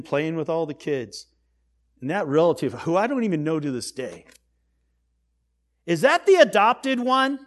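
High-voiced preaching pastor. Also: male voice. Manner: dynamic preaching, swinging from hushed to loud. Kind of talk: sermon.

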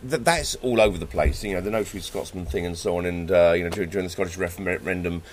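A man's voice: low voice, quick pace, slight background noise. A man chatting casually and thoughtfully, often stumbling and repeating his words. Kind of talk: casual conversation.

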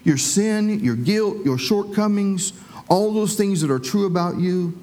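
A man's voice: high voice, measured pace, darkish tone. A man preaching a sermon as pastor, telling the story in a conversational way with folksy asides.

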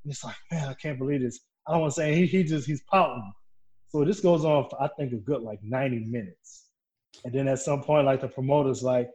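A man tells wrestling stories in a loose, animated way, laughing and cursing. His voice sits at an ordinary middle pitch for a man. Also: a little fast. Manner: animated, laughing, swearing storyteller. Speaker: pro wrestler, guest. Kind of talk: casual storytelling interview.

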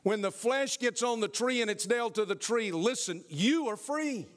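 A man's voice: very high-pitched, normal speed. A man preaching a sermon, emphatic and repetitive, speaking directly to his congregation.

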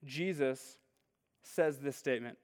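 A man's voice: mid-range voice, slow pace. A man preaching a sermon in a casual, conversational way, often saying "like". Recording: long hall reverb.

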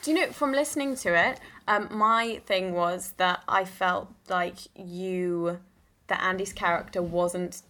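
Brief: London-accented woman, animated guest, bursts into loud acted quotes. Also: lowish voice, a little slow. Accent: London English. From South East London. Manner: animated, acts out quotes in raised voice. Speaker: improviser guest. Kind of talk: casual podcast chat.

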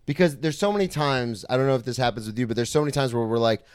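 A man's voice: medium pitch, very fast, darkish tone, clean tone, no room sound, studio quality. A man hosting a comedy podcast, chatting casually with a guest and laughing often. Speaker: podcast host. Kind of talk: casual chat. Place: apartment.

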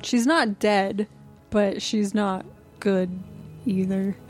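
A woman in casual chat who laughs often and gives quick opinions. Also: medium pitch, fairly even intonation, soft background music.

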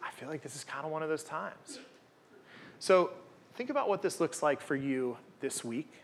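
A man in his forties delivers a sermon to a church gathering in a relaxed, conversational way. He leans on rhetorical questions and keeps checking in with his listeners. His voice sits a little high for a man. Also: normal speed, a little hiss or hum. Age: 40s. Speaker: guest preacher.

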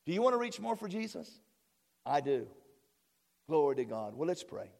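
A man pastoring his church, preaching a sermon with folksy asides and sudden rises in pitch and volume. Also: big pitch swings, normal speed, darkish tone.

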